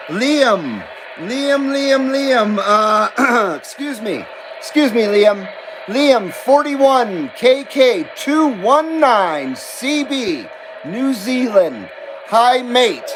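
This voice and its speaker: A man hosting a CB radio livestream, chatting casually and reading out viewer comments in a laid-back, drawn-out way. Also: extremely high pitch. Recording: steady background noise.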